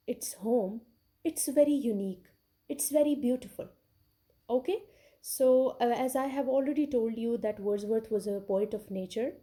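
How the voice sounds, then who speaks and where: A woman's voice: on the high side, warm tone. A woman giving a recorded English literature lecture, who explains patiently, repeats key words and often checks in with "okay".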